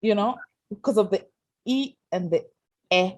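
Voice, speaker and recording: Woman, husky voice, audience question, hesitant, halting phrasing. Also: mid-range voice. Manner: hesitant, searching for words. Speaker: audience member asking a question. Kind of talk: questions at a community talk.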